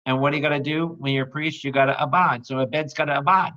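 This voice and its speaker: A man's voice: fairly high pitch, steady tone, fast, pushed and bright. A man, a priest, teaching a Bible study in a playful, exclamatory way, quizzing his listeners and making sound effects. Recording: dull lo-fi recording.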